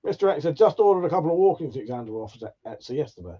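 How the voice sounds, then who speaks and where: A man's voice: fairly high pitch, big pitch swings, very fast, mellow, husky. Chatty man hosting a livestream, lo-fi sound. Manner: chatty, swears casually, greets viewers by name. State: tired, yawning. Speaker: livestream host. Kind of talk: casual live chat reading viewer comments. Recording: dull lo-fi stream audio.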